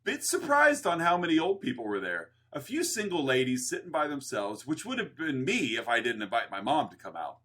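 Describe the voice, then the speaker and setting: A man's voice: mid-range voice, huge pitch swings, fairly quick, few pauses, fairly bright tone. A man co-hosting a movie podcast, chatting casually, laughing often and joking. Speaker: podcast co-host. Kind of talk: casual movie review chat.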